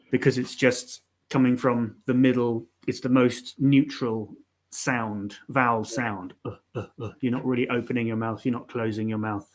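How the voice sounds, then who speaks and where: A man's voice: medium pitch, fairly bright tone. A man co-hosting a live learning stream, explaining pronunciation in a casual, hesitant way with many fillers. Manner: hesitant, lots of ums and restarts, explanatory.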